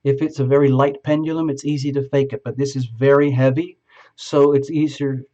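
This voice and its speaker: A man with a mid-pitched, dark and mellow voice talks a single viewer through a tarot reading, improvising as he goes. His voice sits in the middle of the range. The sound is dull and lo-fi, like a home camera mic. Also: steady tone, fairly quick. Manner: improvising, talking step by step to the viewer. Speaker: tarot reader. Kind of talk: live video reading to a viewer.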